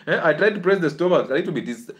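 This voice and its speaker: A man giving a live health talk in an animated, preachy way, laughing often. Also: fairly high pitch. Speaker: health educator.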